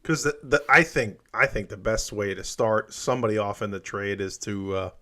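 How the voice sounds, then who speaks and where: A man on an HVAC panel show talking casually, relaxed and hesitant, with many fillers. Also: lowish voice, moderate pace. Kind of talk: casual chat.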